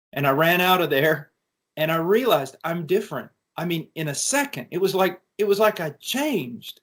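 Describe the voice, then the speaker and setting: A preacher speaking to college students, telling a personal testimony in an earnest way and often restarting his sentences. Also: on the high side. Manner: earnest storytelling with frequent restarts.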